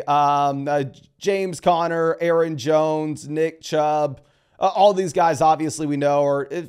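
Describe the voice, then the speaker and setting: A man giving a casual solo breakdown of dynasty fantasy football, talking through trade advice with quick restarts. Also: on the high side, a little mellow. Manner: fast, conversational, restarts sentences.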